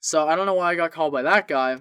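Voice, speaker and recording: Young guy podcasting, tells stories and does all the voices, kinda high voice, dry close mic. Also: quick pace, clean tone, dry recording. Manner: animated, acts out both sides of calls. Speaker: podcast co-host. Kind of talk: casual storytelling.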